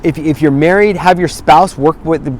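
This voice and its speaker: Outdoors on a cloudy day, a sobriety coach speaks straight to the camera, giving viewers a blunt, emphatic motivational talk on staying sober and swearing for emphasis. His voice is fairly high with a darkish tone, at normal speed.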